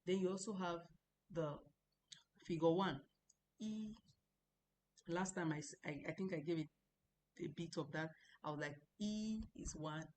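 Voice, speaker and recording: A woman teaching a language lesson, explaining patiently, repeating example sounds slowly and often restarting her sentences. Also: lowish voice, darkish tone, slight background noise. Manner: frequent restarts and stammering. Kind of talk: recorded online lesson.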